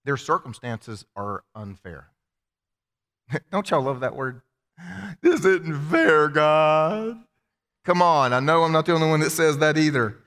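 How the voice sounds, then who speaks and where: A man preaching a sermon as pastor, animated and humorous, acting out quoted prayers in his telling. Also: medium pitch, normal speed. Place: church sanctuary. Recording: long hall reverb from the sanctuary.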